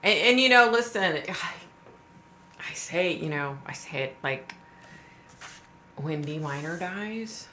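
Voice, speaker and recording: Brief: low-voiced, bright-toned woman, middle-aged, casual sympathetic livestream host, echoey room with faint hiss. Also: lively intonation, takes it slowly, long pauses. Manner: chatty, sympathetic, greets viewers by name.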